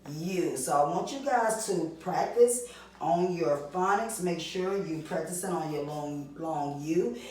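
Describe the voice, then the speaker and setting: A woman's voice: deep voice, a little mellow, slight background noise. A woman teaching a reading lesson to young children, asking questions in a sing-song way and answering them herself. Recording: distant mic, very echoey room.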